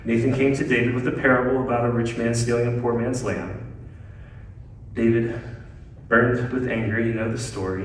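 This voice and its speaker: A man preaching a sermon as pastor, swinging between loud emphatic lines and hushed ones. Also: medium pitch, little pitch movement, normal speed, slight background noise. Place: church sanctuary. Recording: very echoey church hall, mic at a distance.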